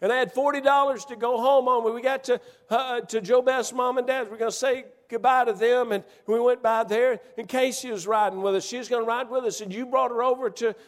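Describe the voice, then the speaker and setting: Speaking fairly quickly with few pauses, a man with a very high-pitched, steady voice delivers a storytelling sermon. He relates a personal story in a folksy, emphatic style with many restarts, his words echoing through a reverberant church sanctuary.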